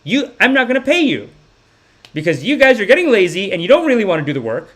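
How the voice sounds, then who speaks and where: A man's voice: high-pitched, big pitch swings, fast, a bit bright, voice pushed up, exaggerated voice. A man putting on a bossy auntie. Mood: scolding. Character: bossy older Indian immigrant mother, scolding.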